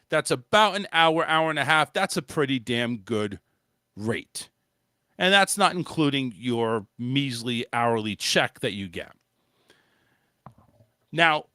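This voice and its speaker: A man's voice: a little high, bright, forceful tone, no echo. A male host giving a blunt, swearing opinion monologue in a casual style, talking into a close mic. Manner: blunt, ranting, swears freely.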